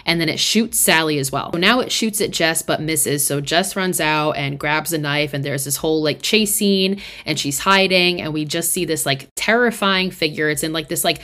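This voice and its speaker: A woman's voice: low voice, moderate pace, hardly any pauses, pushed and bright. A woman hosting a podcast, casually recapping a horror film in a chatty, profane way with lots of fillers. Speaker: podcast host.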